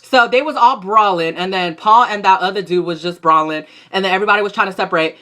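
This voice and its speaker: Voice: medium pitch, quick pace, sharp tone. Gossipy young adult recapping a soap. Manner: gossipy, profane and slangy, talks back at the characters. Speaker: soap opera reviewer. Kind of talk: casual episode recap vlog.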